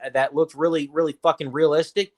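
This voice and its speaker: A man's voice: fairly high pitch, flat delivery, fast talker. Foul-mouthed ranting man. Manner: angry, profane, repeats and restarts a lot. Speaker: livestream co-host. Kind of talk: profane livestream rant.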